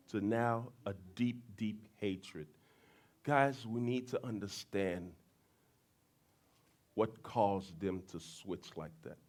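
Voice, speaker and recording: A man preaching a sermon as pastor, switching into Creole and acting out crowd voices. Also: medium pitch. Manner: animated, switches between English and Creole, acts out crowd voices. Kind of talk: bilingual sermon.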